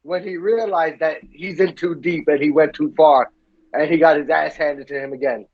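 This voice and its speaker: A man's voice: on the high side, steady tone, moderate pace. A man co-hosting a podcast, telling his own stories eagerly and tripping over repeated words. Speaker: podcast co-host. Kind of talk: casual podcast chat. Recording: slightly muffled lo-fi audio.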